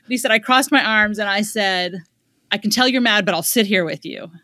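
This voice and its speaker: A woman's voice: medium pitch, fairly quick, no echo. Woman guest telling a story, does little voices for quotes, dry mic. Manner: animated, quotes others in lively asides. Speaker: guest parenting expert. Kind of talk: conversational storytelling.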